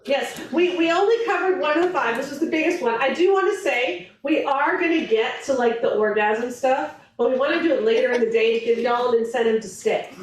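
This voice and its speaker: A woman with a fairly high voice gives a conference talk in a very echoey hall, picked up from some distance. She talks in a quick, chatty way, laughs a lot and slips into little acted-out quotes. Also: slight background noise. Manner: animated, chatty, laughs often, acts out quotes. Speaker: event speaker on marriage.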